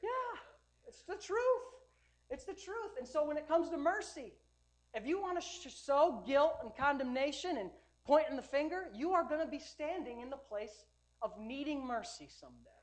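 A man preaching a sermon as pastor, emphatic, swinging between loud urging and quiet storytelling, often repeating words and restarting sentences. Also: extremely high pitch, expressive, normal speed.

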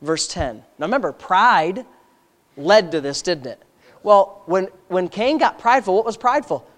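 A fervent preacher in full sermon mode, chatting with the congregation one moment and booming the next. The delivery is folksy, full of rhetorical questions, and leans hard on each point. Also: lively intonation, normal speed. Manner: impassioned, swings from quiet asides to loud emphatic peaks.

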